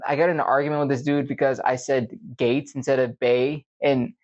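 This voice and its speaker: A young man on a dull, lo-fi recording vents at mid pitch in a loose, rambling monologue. He swears freely and talks like he is hosting his own casual podcast. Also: flat delivery, brisk. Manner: rambling, profane, venting. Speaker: podcast host.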